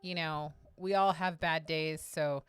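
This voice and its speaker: Low-voiced woman co-hosting a stream. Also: steady tone, unhurried, fairly bright tone, clean tone. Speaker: co-host. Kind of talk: casual live-stream chat.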